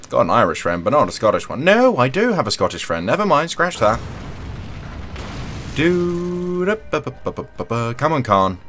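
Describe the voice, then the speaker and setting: A young man talks through his gameplay in a chatty, joking way, often addressing the characters on screen. His voice sits a little low but swings in lively pitch. Game music plays faintly beneath him. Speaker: let's play host. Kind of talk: casual gameplay commentary.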